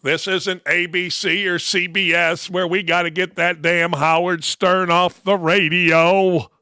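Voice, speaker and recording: A man's voice: sits high, little pitch movement, unhurried, pushed and bright, clean tone, dry recording. A man in his sixties hosting a show, ranting in a mocking, sarcastic way with heavy emphasis. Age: 60s. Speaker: host. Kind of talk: sarcastic commentary rant.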